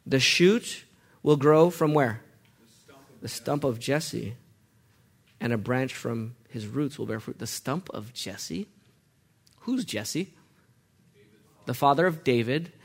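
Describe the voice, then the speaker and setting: A man's voice: medium pitch, lively intonation, slow pace, vocal fry, long pauses, slightly rough. A man preaching a sermon, asking the congregation questions as he goes and letting them call out the answers. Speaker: pastor.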